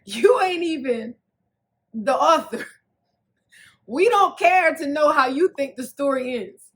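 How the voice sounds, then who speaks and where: A woman hosting a TV episode recap, her voice sitting a touch high for a woman. She talks in a sassy, animated way, bursting into loud jokes and then dropping into soft, earnest asides. It is casual, opinionated commentary. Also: slow pace. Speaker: recap host.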